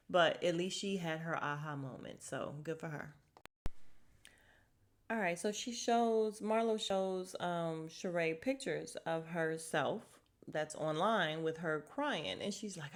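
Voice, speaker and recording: A young woman in a loose, gossipy recap, talking in a slightly low voice that jumps up high when she gets excited. She laughs a lot and keeps things chatty and informal. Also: measured pace. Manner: chatty and gossipy, laughs often, lively pitch swings. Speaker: podcast host recapping a reality show. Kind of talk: casual chat recap.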